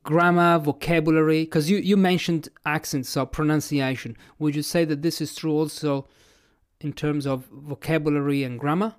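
A man hosts an interview podcast, asking questions in a curious, measured way. His voice sits a little higher than most men's. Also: steady tone, clear, resonant tone. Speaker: podcast host.

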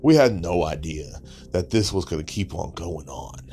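Deep-voiced man on a sarcastic rant. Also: lively intonation, normal speed, dark tone, soft background music. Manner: crude, sarcastic, mocking, swears constantly. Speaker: podcast host. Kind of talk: profane comedic rant.

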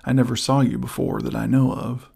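A man's voice: level tone, brisk, vocal fry, darkish tone, husky. Man reading as a firm loyal frontier scout. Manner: firm, low-voiced. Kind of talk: audiobook character voice.

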